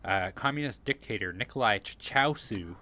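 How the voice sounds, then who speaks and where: A man's voice: on the low side, animated, normal speed, pushed and bright. A man hosting a livestream panel, explaining historical context in a casual way. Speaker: show host. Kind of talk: livestream commentary.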